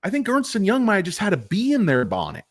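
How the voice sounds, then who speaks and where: A man's voice: high voice, huge pitch swings, fast. A man giving casual stock market commentary, rambling, joking and swearing as he goes. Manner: rambling, jokey, profane.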